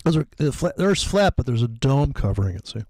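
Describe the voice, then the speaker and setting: A man's voice: mid-range voice, sing-song, quick pace, darkish tone. A man talking casually and profanely, telling rambling stories in a loose chat.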